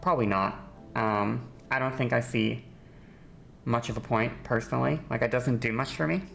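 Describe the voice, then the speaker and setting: A woman's voice: rumbling low, normal speed, creaky, a little hiss or hum. A young woman from Northern Ireland chatting casually on stream while doing her makeup, rambling with lots of fillers. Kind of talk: casual stream chat during a makeup tutorial.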